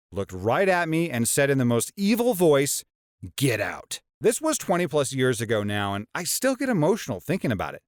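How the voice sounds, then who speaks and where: Lively man narrating reader stories. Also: on the high side, dry recording, studio quality. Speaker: story narrator.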